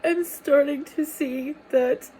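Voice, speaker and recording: Woman vlogger, high-pitched, halting delivery with repeated words, confessional. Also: steady tone, dark tone, slight background noise, rough recording. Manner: halting, repeats words while telling a painful story. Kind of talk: confessional personal vlog.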